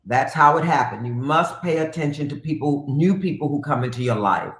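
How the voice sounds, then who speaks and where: A woman's voice: sits low, brisk. Brassy, profane woman in a roomy space. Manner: brassy, profane, animated, slides into sung phrases. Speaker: guest. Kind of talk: casual interview storytelling. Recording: roomy echo with faint piano.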